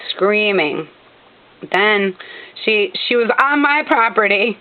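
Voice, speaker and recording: An agitated woman narrates her own video, indignant and repeating herself. Her mid-pitched voice comes through a thin, tinny, phone-like recording. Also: slow.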